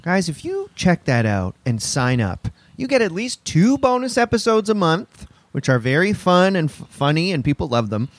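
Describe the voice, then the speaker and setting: A man co-hosting a casual comedy podcast, jokey and animated, laughing often. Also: high voice, normal speed, dry recording. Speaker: podcast co-host.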